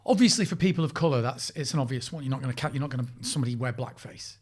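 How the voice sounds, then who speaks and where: A man's voice: medium pitch, rapid-fire, husky. A middle-aged British man, an actor co-hosting a podcast, telling a meandering story full of restarts and the odd swear. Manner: rambling storyteller, many restarts, swears when animated. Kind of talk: casual chat.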